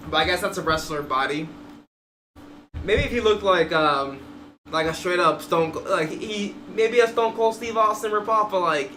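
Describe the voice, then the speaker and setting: A man on a live stream, reacting to a video in excitable, profane bursts. His voice sits a bit high with a bright, sharp edge. The sound carries a roomy echo. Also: slight background noise. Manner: profane, excitable, laughing commentary.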